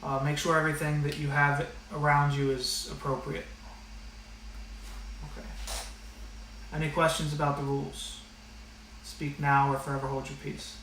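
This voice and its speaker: A man's voice: a little high, flat delivery, normal speed, long pauses, fairly bright tone, a little hiss or hum. A man teaching an online math class and going over the rules, talking in a casual, direct way with a lot of fillers. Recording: echoey room, slightly distant mic.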